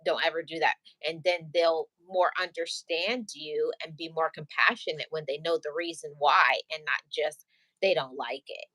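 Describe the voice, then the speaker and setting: Woman hosting a chat, low deep voice, earnest, asks lots of questions, dry close sound. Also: steady tone, normal speed, bright, forceful tone, no room sound, rough recording. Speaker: channel host. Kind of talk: casual advice chat.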